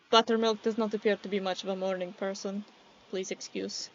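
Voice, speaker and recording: A woman's voice: medium pitch, fairly even intonation, measured pace, slight background noise, poor audio. A woman running a tabletop role-playing game as game master, narrating scenes and laughing often. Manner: laughs often, voices characters.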